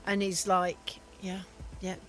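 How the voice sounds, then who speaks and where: A woman's voice: mid-range voice, monotone, slow pace. A woman on a livestream panel, chatting casually and stringing her ideas together in loose run-on phrases.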